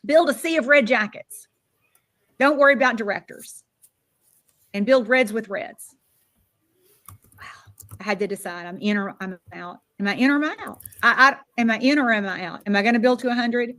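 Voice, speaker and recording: A woman's voice: fairly high pitch, moderate pace, pauses often. An older woman from Florida giving a motivational speech as a sales director, acting out quoted dialogue. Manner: animated, acts out quoted dialogue.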